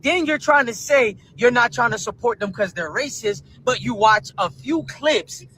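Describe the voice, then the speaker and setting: A man in a furious, confrontational rant, hurling insults as he goes. His voice is high and bright with a tense edge. A faint hiss of noise runs underneath. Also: animated, moderate pace, low-quality recording. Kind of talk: angry rant video.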